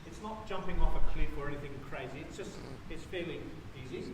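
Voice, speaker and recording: A man's voice: a little high, brisk, noisy background. A man from Australia preaching a sermon as pastor, telling a personal story in a chatty way and correcting himself as he goes. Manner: anecdotal, conversational with self-corrections. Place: church. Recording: echoey church, mic from far off.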